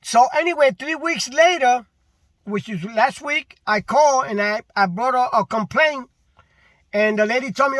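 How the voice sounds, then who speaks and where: A man with a very high, bright voice rants slowly about his work in a casual vlog. He is frustrated and repeats his points for emphasis. The recording is dry and close. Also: dry recording. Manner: frustrated, repetitive, emphatic complaining. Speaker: delivery driver.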